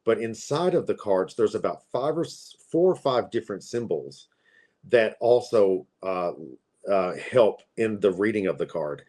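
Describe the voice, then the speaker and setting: A man's voice: lowish voice, animated, unhurried, darkish tone. A man in his forties from Appalachia, a tarot reader telling stories in a chatty, rambling way. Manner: chatty, rambling, with frequent fillers. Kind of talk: casual storytelling.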